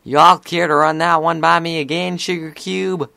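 A man's voice: a little high, steady tone, moderate pace, vocal fry, pushed and bright, dry recording, voice pushed up. A man voicing a protective older pony sister who scolds and drawls y'all. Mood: scolding. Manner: stern, scolding, says y'all.

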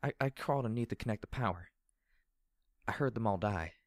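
A man voicing a fragile young female pegasus soldier, speaking in a soft, buzzing drawl that turns shaky and halting. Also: on the low side, lively intonation, dry recording, studio quality, pitched above the performer's own voice. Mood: shaky, distressed. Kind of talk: audiobook character reading.

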